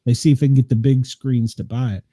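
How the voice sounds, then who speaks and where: A man's voice: mid-range voice, steady tone, fast, dark tone, slightly rough, dry recording, clean studio sound. An older man hosting a chat show, telling rambling stories and laughing often. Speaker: podcast host. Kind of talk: casual chat.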